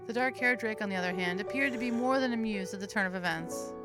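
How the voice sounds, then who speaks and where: A woman's voice: mid-range voice, quick pace, over music. A woman hosting a let's play, reading the game's narration aloud with playful, crude asides. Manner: playful, giggly, crude jokes between narration. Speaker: host.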